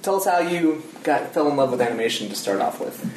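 A man's voice: medium pitch, big pitch swings, fast talker, a little mellow, a little hiss or hum. A man hosting a podcast, chatty and asking questions, laughing easily. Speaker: podcast host. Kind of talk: casual interview. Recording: roomy echo.

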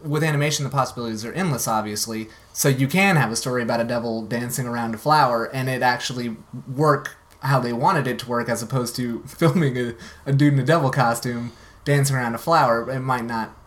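A man's voice: mid-range voice, a little fast. A man hosting a podcast, talking casually and animatedly, sometimes dropping into playful silly voices. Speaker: podcast host.

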